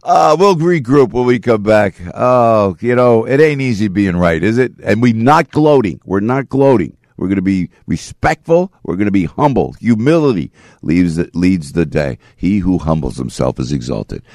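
A male radio talk show host, talking in an excitable, rambling, opinionated way and laughing often. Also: lowish voice, moderate pace, dry recording, studio quality. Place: radio studio.

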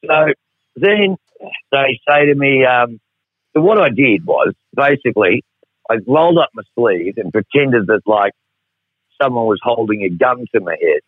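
An expressive mid-range voice at a measured pace belongs to a middle-aged Australian man telling a wry, profane, roundabout story on radio. The audio is a dry, tinny phone feed with no echo.

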